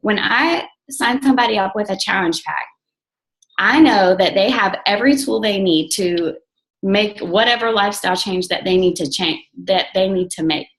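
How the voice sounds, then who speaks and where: A young adult woman leading a team call as a coach, talking in a blunt, excitable, casual way with lots of "like" and some swearing. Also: medium pitch, normal speed, low-quality recording.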